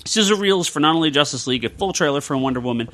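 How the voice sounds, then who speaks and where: A man's voice: on the high side, expressive, rapid-fire, a bit bright. A man hosting a casual roundtable podcast, rambling with many ums and likes. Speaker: podcast host.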